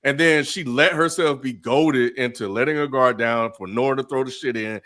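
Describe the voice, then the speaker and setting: A man's voice: medium pitch, moderate pace, bright, forceful tone. A man co-hosting a podcast in casual chat, blunt and profane, laughing often. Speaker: podcast co-host.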